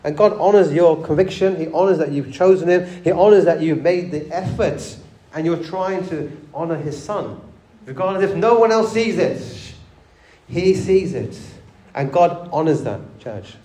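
A man's voice: fairly high pitch, moderate pace, warm tone, echoey room. A man preaching a sermon, conversational, often asking the church rhetorical questions and repeating words as he restarts. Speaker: pastor.

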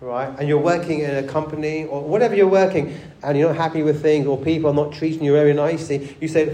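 A man's voice: a little high, fairly even intonation, quick pace, few pauses, dark tone, reverberant. A man preaching a sermon, conversational, often asking the church rhetorical questions and repeating words as he restarts. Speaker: pastor.

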